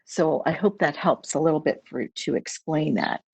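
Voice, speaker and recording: A middle-aged woman presenting a webinar as a public speaking trainer, measured and instructive, repeating key phrases. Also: low-pitched, vocal fry, a little mellow, breathy edge, dry recording. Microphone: video call.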